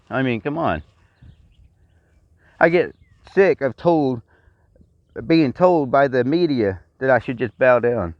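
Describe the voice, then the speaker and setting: A man's voice: medium pitch, no room sound. A middle-aged Texan man rants with blunt, profane repetition. His delivery is that of someone airing grievances alone to a camera. The sound is dry and somewhat dull, like a cheap recording. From Texas. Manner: blunt and profane, repeats himself. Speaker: vlogger. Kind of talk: angry personal rant.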